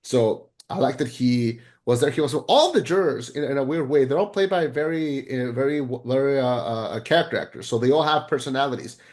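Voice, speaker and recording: A man co-hosting a podcast, chatting casually and excitably about a film, rambling with frequent restarts and casual swearing. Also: medium pitch, fairly quick, few pauses. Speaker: podcast co-host. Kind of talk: casual film review chat.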